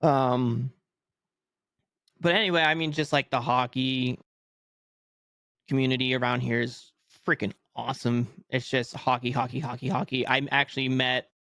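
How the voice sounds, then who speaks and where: A young man hosting a casual solo sports podcast, rambling and excitable, laughing often and a bit sleepy. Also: mid-range voice, moderate pace, dry recording. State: yawning, sleepy. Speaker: podcast host.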